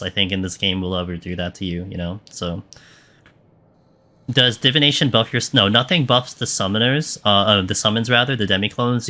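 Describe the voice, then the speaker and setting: Young man, game streamer, lowish pitch, bright tone, casual live commentary, chatty. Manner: chatty, answers chat questions, frequent fillers.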